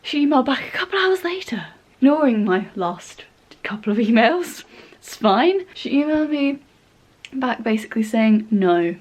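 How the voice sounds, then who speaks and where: A woman's voice: fairly high pitch, big pitch swings, moderate pace. A young woman vlogger venting in casual chat, exasperated and chatty. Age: young adult. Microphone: compact camera.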